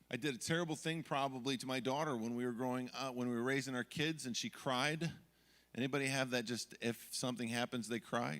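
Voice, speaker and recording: A middle-aged man preaching a sermon as pastor, telling stories from family life and acting out yelling moments. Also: mid-range voice, in a large hall. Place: church sanctuary.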